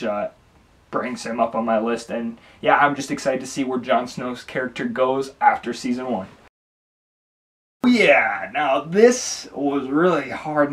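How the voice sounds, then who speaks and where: A young man talks eagerly in a loose, rambling way, tripping over his words and starting sentences again. He sits a little back from the microphone, so his voice sounds slightly distant. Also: mid-range voice. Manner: enthusiastic, rambling with restarts. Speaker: video host. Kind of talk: casual ranking monologue.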